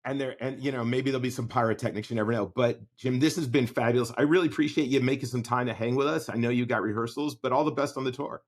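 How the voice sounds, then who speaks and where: A man's voice: mid-range voice, steady tone, fast, few pauses. A man hosting a casual interview podcast, thanking his guest in an appreciative, easygoing way. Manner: warm, appreciative wrap-up. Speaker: podcast host.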